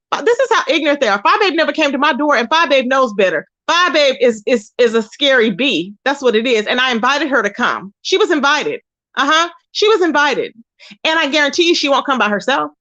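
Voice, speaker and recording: A woman hosting a casual livestream, telling stories in an animated, expressive way with loud exclamations. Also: high-pitched, dull audio. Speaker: livestream host.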